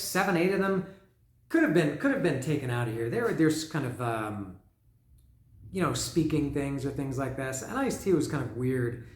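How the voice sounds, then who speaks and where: A man's voice: a little high, reverberant. A man reviewing an album in a loose, rambling monologue, often restarting his sentences. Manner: rambling, many restarts and fillers, raps lyrics along. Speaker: music vlogger.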